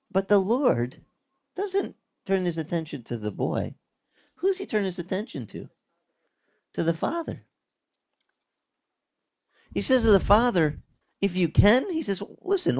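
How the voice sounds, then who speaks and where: A male pastor preaching a conversational, animated expository sermon. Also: fairly high pitch.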